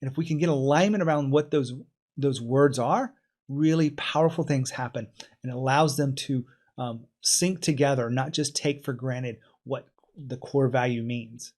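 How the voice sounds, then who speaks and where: A man's voice: mid-range voice, normal speed, a little mellow. Man hosting a business interview show. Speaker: podcast host. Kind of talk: interview host with solo commentary.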